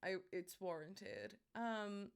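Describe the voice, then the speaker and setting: A woman's voice: medium pitch, big pitch swings, takes it slowly, vocal fry, smooth. A young woman streaming a game and chatting casually with her viewers, playful and teasing, swearing freely into her streaming microphone.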